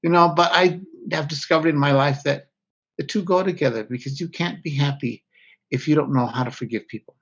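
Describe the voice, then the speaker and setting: A man's voice: on the high side, fairly quick, fairly bright tone. A man, a guest author, speaking candidly and reflectively in an interview, often breaking off mid-thought. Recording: slightly dull lo-fi audio.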